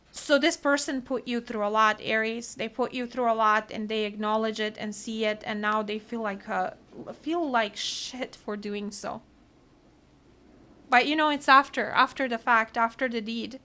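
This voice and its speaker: A woman with a slightly high, bright, pushed voice gives a solo tarot reading. She talks earnestly and emotionally through what each card means.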